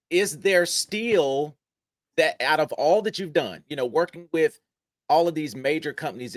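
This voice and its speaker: A man's voice: a little high, fairly bright tone, dry recording, clean studio sound. A man hosting a podcast interview, enthusiastic and admiring toward his guest. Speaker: podcast host.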